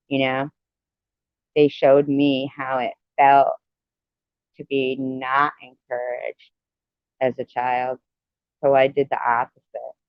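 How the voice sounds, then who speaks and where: A man's voice: mid-range voice, clear, resonant tone, dry recording, lo-fi sound. A man telling a personal story to viewers in a casual, rambling, heartfelt way, with many "you know" fillers.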